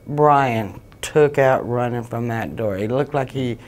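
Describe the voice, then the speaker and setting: A woman giving emotional personal testimony as an interview guest, halting and repeating phrases as she relives what happened. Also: a bass voice, darkish tone. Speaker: guest, bereaved mother.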